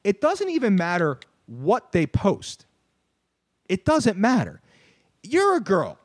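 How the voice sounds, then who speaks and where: A young man, co-hosting a podcast and ranting animatedly, swearing and shouting his punchlines. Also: high voice, huge pitch swings, takes it slowly, no room sound, studio quality. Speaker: podcast co-host. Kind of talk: casual ranting chat.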